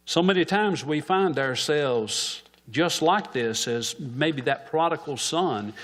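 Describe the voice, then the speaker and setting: A male preacher delivers a sermon in a church at an unhurried, deliberate pace. His pitch sits a little high and swings widely up and down. He puts questions to the listeners and then answers them himself. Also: lively intonation, a bit bright.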